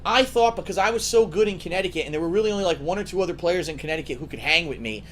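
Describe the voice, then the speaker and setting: A man's voice: high voice, very fast, slight background noise. A man casually telling profane, rambling stories to his viewers as a gaming show host, acting out his friends' voices as he goes.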